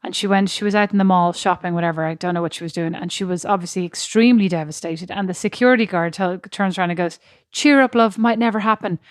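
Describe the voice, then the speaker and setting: A woman co-hosting a podcast, a parent who chats casually and acts out quotes in animated stories. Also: fairly low pitch, fast talker, hardly any pauses, no room sound, clean studio sound. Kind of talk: casual chat.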